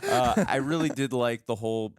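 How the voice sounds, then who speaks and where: A man's voice: medium pitch, lively intonation, moderate pace, no room sound. A man co-hosting a casual review show, talking enthusiastically about an episode with many restarts and repetitions. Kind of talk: casual reaction review chat.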